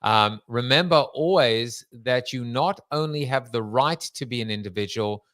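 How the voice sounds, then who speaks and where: Male podcast host, mid-pitched, playful and chatty; dry close-miked sound. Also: normal speed, a bit bright, no room sound. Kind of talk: casual podcast interview.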